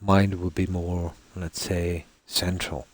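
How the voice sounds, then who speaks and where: Irish Midlands man, low voice, laid-back rambling streamer chat. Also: level tone, slow pace, no echo. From Ireland. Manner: rambling, many fillers and "let's say". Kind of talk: casual chat with viewers while gaming.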